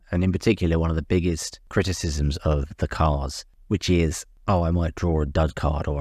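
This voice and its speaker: A man with a cold hosting a channel, calmly talking through tabletop game strategy. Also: extremely low pitch, no room sound, clean studio sound. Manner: earnest, explanatory. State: has a cold. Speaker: YouTube host.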